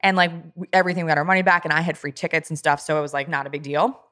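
Young woman, low voice, fast-paced, chatty storyteller, casual podcast talk. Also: fairly even intonation, bright, forceful tone. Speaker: podcast co-host. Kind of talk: casual chat.

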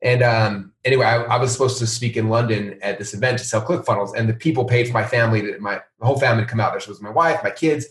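A man's voice: fast talker, hardly any pauses. A middle-aged man, a company founder, telling a story in a casual interview and acting out the people he quotes. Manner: animated, acts out quoted voices in a higher pitch. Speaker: founder and CEO of a software company. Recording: roomy sound, a bit off-mic.

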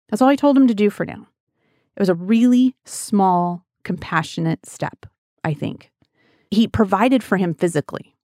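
A middle-aged woman teaching from the Bible, earnest and conversational, as if chatting with friends. Her voice sits at an ordinary pitch, and the recording is dry and close, with no room sound. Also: expressive, moderate pace, a little mellow, no room sound. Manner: earnest, conversational, addresses listeners as guys.

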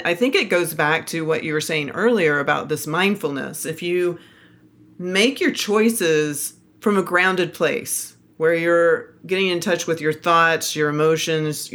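A woman co-hosting a podcast in casual conversation, explaining her ideas in a reflective, measured way. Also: low-pitched, a bit bright. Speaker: podcast co-host.

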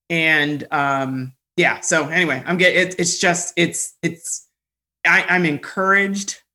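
Bright-voiced woman telling stories animatedly. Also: sits low. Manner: animated, laughs often, many fillers and restarts. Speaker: guest. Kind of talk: candid conversational storytelling.

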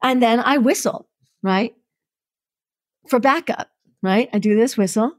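Lively New woman telling stories. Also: fairly high pitch, unhurried, no echo, clean studio sound. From New York. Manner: lively, acts out the voices in her stories, laughs often. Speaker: podcast guest. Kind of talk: animated storytelling.

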